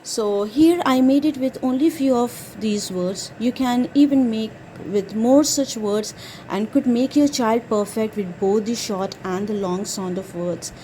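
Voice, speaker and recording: A woman's voice: on the high side, measured pace, warm tone, slight background noise. A woman drilling her young child on phonics, patiently spelling out letters one by one and praising each answer.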